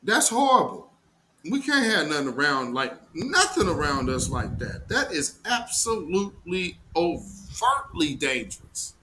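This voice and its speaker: A man's voice: on the high side, very animated, measured pace, bright, forceful tone, slight background noise, poor audio. A man hosting a live news commentary stream, heated and mocking, with slangy, profane talk.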